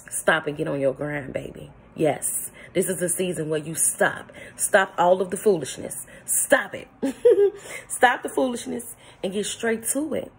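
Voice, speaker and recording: A woman's voice: medium pitch, gravelly, a little hiss or hum. A woman giving an emphatic, preachy motivational morning talk, laughing often as she speaks. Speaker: vlogger. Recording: phone-recorded vlog.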